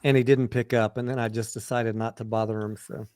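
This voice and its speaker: A man's voice: fairly low pitch, flat delivery, brisk, a little mellow, dry recording. A man hosting a late-night livestream chat, joking and swearing, tired and reading viewer comments aloud. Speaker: livestream host. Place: home in Texas.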